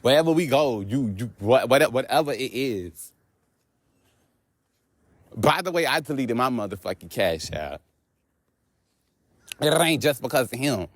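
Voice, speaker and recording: A man vlogging outdoors on a walk, telling a story in an animated, profane rant. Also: medium pitch, unhurried, long pauses, no echo. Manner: animated, profane, laughing asides.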